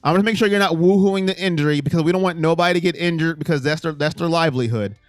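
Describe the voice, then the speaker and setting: On a casual sports live stream, a man reads fan comments very fast, veering animatedly between low muttering and loud exclamations. The recording is clean studio sound with no echo.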